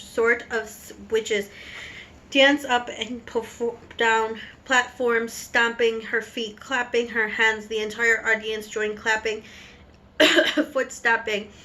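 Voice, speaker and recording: A woman teacher reading a storybook aloud to her students, with halting slips and restarts. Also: on the high side, flat delivery, sharp tone, low-quality recording.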